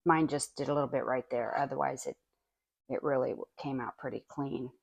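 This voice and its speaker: Lady with a real low voice doing a homey baking vlog, chatty, tastes as she talks, in her kitchen. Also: steady tone, fairly quick, gravelly, slightly rough. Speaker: home cooking vlogger. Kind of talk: casual cooking demonstration. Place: home kitchen.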